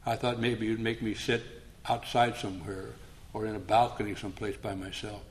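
A man's voice: fairly low pitch, little pitch movement, fairly quick, a little hiss or hum. Older man telling his recovery story. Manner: humorous, plainspoken, acts out past conversations. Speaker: recovery meeting speaker.

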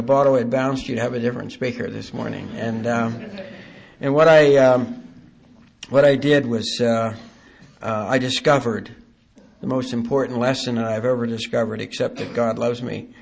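A man gives a halting, earnest personal testimony at a recovery meeting, mixing in dry self-deprecating humor. His medium-pitched voice is slightly rough, with vocal fry.

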